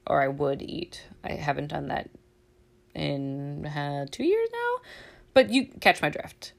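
A woman's voice: deep voice, wildly swooping pitch, slow pace, gravelly. A woman hosting a casual motivational chat, talking candidly and loosely, with frequent laughs and plenty of swearing. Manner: candid, chatty, swears freely, laughs often.

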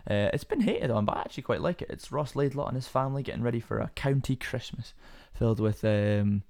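A man's voice: medium pitch, animated, quick pace, gravelly, darkish tone. A young man hosting a casual solo podcast, rambling and self-deprecating with many fillers and restarts, his voice sometimes cracking. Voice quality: voice cracks at times. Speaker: podcast host.

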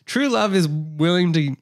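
A man co-hosting a podcast in casual chat, laughing often, teasing and crude. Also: fairly high pitch. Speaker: podcast co-host.

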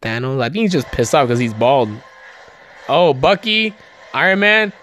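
A man's voice: medium pitch, moderate pace, a little hiss or hum. Guy hosting a podcast, hyped and goofy, cussing, stumbles on words, mid voice. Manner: excited, jokey, profane, stumbling over words. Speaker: podcast host. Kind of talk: casual trailer breakdown chat.

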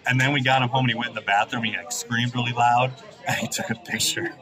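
A man's voice: medium pitch, steady tone, quick pace. A man in his thirties, a podcast host telling a long story in casual chat, rambling and profane with lots of fillers. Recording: crowd chatter behind.

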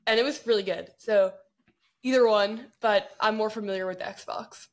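A woman guest on a tech podcast chats in an upbeat, casual way. She often fills her speech with "like", and her pitch sits in the middle range. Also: steady tone, normal speed. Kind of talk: casual chat.

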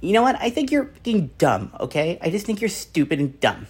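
A woman speaks bluntly in a clip played back on the show. Her voice is low and very raspy, with wide swings in pitch. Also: big pitch swings, fairly quick, darkish tone. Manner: blunt, insulting.

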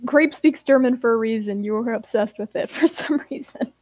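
A woman co-hosting a podcast, chatting casually and laughing as she teases. Her voice sits high. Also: moderate pace, darkish tone, no echo. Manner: laughing, teasing. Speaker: podcast co-host. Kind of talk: casual chat.

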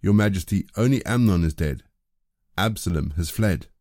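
A man's voice: deep voice, expressive, normal speed, a little mellow, dry recording, clean studio sound. A man reading as a reassuring royal adviser.

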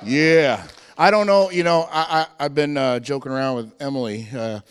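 An American man presenting a strength team show at a church, joking and shouting to rally the crowd over a handheld microphone. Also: mid-range voice, moderate pace, long reverb tail, a little hiss or hum. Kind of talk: energetic church stage presentation. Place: church hall with live audience.

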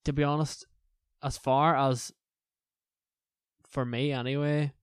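Smooth-voiced Northern Irish young man. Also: mid-range voice, level tone, slow pace, no echo, studio quality. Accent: strong Northern Irish. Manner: reflective, hesitant, trailing off. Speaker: university student. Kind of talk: casual chat.

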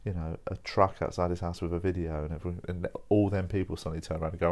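A man's voice: deep voice, little pitch movement, quick pace, few pauses, darkish tone. A young man rambling casually over coffee, informal and sweary, dropping "mate" and "like" as he talks. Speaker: podcast host.

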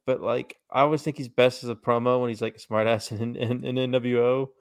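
A man's voice: mid-range voice, flat delivery, a little fast, smooth. A man co-hosting a podcast in casual chat, rambling with lots of "like" and restarts. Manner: rambling, many likes and restarts. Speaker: podcast co-host.

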